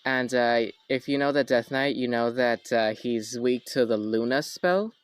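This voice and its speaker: Male host, mid-pitched voice, joking and offhand, casual conversation. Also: unhurried, clear, resonant tone, soft background music, rough recording. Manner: joking, self-correcting, offhand. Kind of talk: casual chat.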